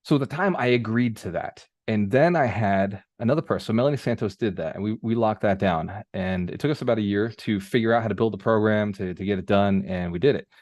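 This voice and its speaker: A man's voice: fairly low pitch, quick pace, hardly any pauses, no room sound, clean studio sound. A man mentoring a group on a live coaching call, telling stories casually and prompting the audience with repeated phrases. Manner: conversational storyteller, animated, casual swearing. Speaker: business mentor. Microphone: video call microphone.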